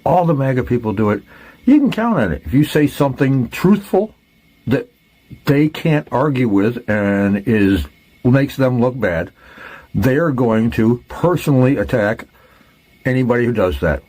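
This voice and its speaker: A man's voice: mid-range voice, sing-song, a little slow, long pauses, darkish tone. Guy preaching at the camera, voice rising and falling a lot. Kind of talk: social media monologue.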